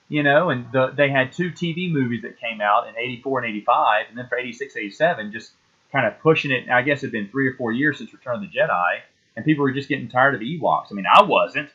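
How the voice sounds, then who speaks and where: A man's voice: medium pitch, pushed and bright, slightly rough, dull audio. A man in his forties hosting his own show, rambling nostalgically with lots of fillers and restarts. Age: 40s. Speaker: podcast host. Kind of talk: casual solo chat.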